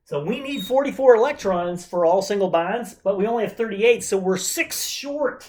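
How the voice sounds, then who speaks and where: Animated and medium in pitch with a darker tone, she talks at an ordinary pace with few pauses. The woman teaches chemistry remotely in a conversational way, dropping humorous asides as she counts.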